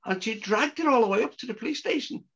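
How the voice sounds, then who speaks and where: This older man talks fast in an extremely high voice while telling a story as a guest in a casual interview. Animated throughout, he acts out others' words and laughs frequently, though the recording is muffled and lo-fi.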